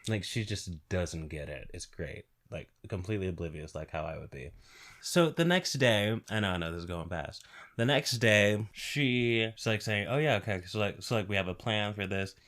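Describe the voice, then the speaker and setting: Man, lowish voice, casual movie recap, rambling, lots of fillers. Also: expressive, moderate pace, fairly bright tone. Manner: rambling, chatty, full of fillers and quoted dialogue. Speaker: reviewer. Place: home, over a speedpaint video.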